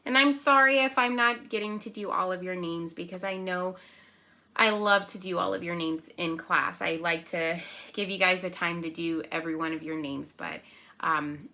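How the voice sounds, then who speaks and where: A young woman teaches small children from home in a bright, clear voice that sits a little low. She speaks gently and encouragingly, slows down to count and clap out syllables, and keeps checking in with her listeners. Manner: counts and claps out syllables slowly. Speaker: preschool teacher. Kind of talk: remote circle-time lesson for young children.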